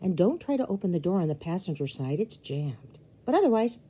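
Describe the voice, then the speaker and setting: A woman voicing a fussy, theatrical middle-aged uncle who talks in a booming, over-hearty way. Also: very animated, brisk, warm tone, breathy edge, exaggerated voice. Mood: instructing.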